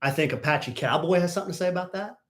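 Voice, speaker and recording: A man's voice: on the high side, racing, fairly bright tone. A man co-hosting a podcast in casual chat, playful as he reads listener letters aloud. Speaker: podcast co-host.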